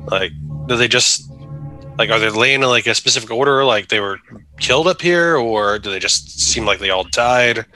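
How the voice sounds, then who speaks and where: A man taking his turn in a tabletop game, his voice very bright and sharp-edged. He hesitates and fills his sentences with filler words, with faint music behind him. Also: medium pitch, moderate pace, poor audio. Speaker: player. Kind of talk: casual tabletop game chat.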